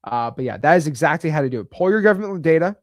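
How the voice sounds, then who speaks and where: Expressive and racing, his high-side voice comes through clean studio sound with no echo. This American man casually teaches real estate wholesaling on camera, blunt, emphatic and chatty, adding slangy asides.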